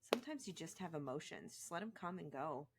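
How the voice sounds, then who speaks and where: A woman's voice: deep voice, animated, a little fast, very noisy. A woman guest on a podcast, speaking in a candid, reflective, chatty way. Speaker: podcast guest, co-host of another show. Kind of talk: podcast conversation.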